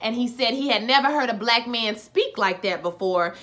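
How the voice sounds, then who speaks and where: Lively woman recapping a TV episode. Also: fairly high pitch, moderate pace. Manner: animated, slangy, talks straight to viewers. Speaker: TV episode reviewer. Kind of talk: casual recap vlog.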